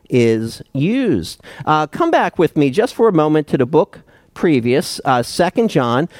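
A man preaching an expository sermon as pastor, in a measured teaching tone with frequent fillers. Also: a little high, a little mellow, no room sound.

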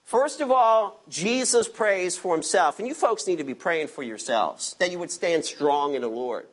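A man preaching an expository sermon, emphatic and dropping his voice low on key words. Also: expressive, normal speed. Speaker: pastor.

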